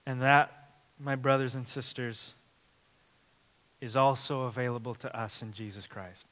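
A male pastor preaching a sermon with animated delivery, rising to loud emphasis and dropping to quiet, close passages. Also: mid-range voice, takes it slowly, long pauses. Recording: long hall reverb.

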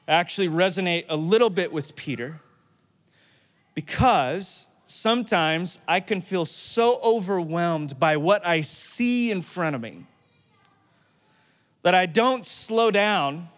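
A man preaching a sermon in a playful, animated way, acting out the quotes. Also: high-pitched. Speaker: pastor.

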